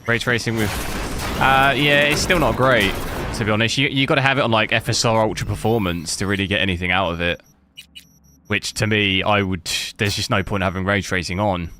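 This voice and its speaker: A man's voice: lowish voice, steady tone, a little fast, bright, forceful tone. A man streaming a game, chatting casually and rambling through his commentary, with noisy stream audio. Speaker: gaming streamer.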